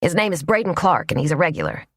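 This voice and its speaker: Playful small-town diner boss, brisk and low-voiced, a woman reading her lines; dry close audio. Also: very animated, dry recording.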